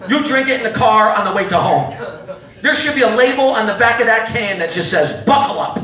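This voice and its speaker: A man's voice: sits high, animated, fairly quick, reverberant, far from the mic, crowd noise. A man doing live stand-up comedy, acting out characters, with audience laughter. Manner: rowdy, acts out voices, audience laughs throughout.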